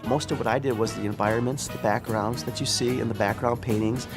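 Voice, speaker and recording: A man who designed backgrounds, explaining his work in an easygoing interview manner with pauses. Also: mid-range voice, fairly even intonation. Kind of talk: behind-the-scenes interview. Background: music.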